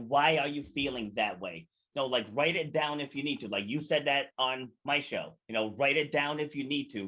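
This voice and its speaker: Podcast guest, male; bright, husky tone, earnest, coach-like storytelling. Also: mid-range voice. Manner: earnest and motivational, acts out quoted dialogue. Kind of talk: casual interview storytelling.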